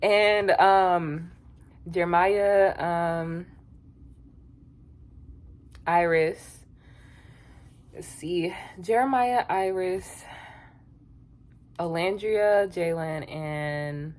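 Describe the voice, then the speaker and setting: A woman's voice: fairly low pitch, extremely slow, long pauses. Sassy, chatty woman reviewing a show. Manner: sassy, laughing, chatty asides. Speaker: reality TV reviewer. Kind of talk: casual show recap commentary.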